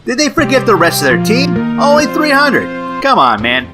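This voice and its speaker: A man's voice: very high voice, huge pitch swings, normal speed, over music, pitched above the performer's own voice, heavily acted. A man playing a brash male sports-network anchor in a mock sports broadcast, with punchy announcer patter. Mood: hyped.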